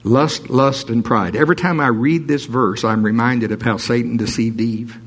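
A man preaching a sermon, reading scripture aloud with jokes and asides in an animated way. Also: mid-range voice, moderate pace, slightly rough.

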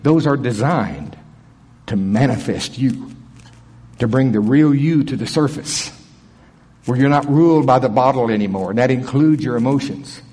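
A man preaching a sermon at a church service, animated, swinging from loud bursts to soft asides. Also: mid-range voice, moderate pace, breathy edge, long reverb tail.

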